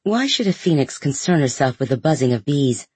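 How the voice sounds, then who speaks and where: A man's voice: medium pitch, very animated, fairly quick, a little mellow, husky, no room sound. A man voicing a proud, imperious thirteen-year-old princess who speaks coldly and with contempt. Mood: cold, contemptuous. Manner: cold, commanding, contemptuous.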